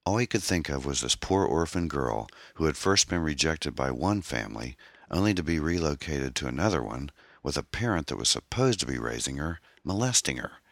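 Male narrator, extremely low voice, lively intonation, dry close sound. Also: a little fast, no room sound. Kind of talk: audiobook narration.

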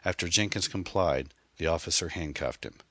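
Very deep-voiced male narrator. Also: moderate pace, a bit bright, breathy edge, no echo, studio quality. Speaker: audiobook narrator. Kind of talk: scripted narration.

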